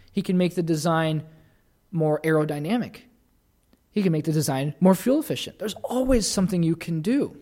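A man's voice: fairly high pitch, a little mellow. A young man preaching a sermon in an earnest, conversational way, acting out the voices he quotes.

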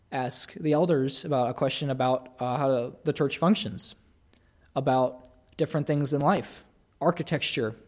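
A man's voice: medium pitch, a little mellow. A young man preaching a sermon in an earnest, conversational way, acting out the voices he quotes.

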